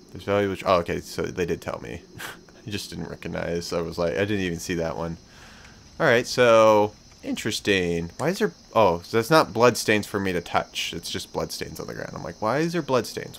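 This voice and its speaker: A young man giving excitable, swearing commentary while playing a video game, talking to himself. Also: low voice, moderate pace, vocal fry, slight background noise. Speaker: gameplay commentator. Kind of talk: let's play commentary.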